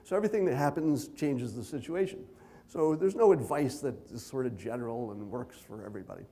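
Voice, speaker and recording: A man giving a conference keynote speech, conversational with dry self-deprecating humor, deliberately speaking at a raised pitch. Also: animated, dark tone. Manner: loose, unhurried delivery with many fillers and asides.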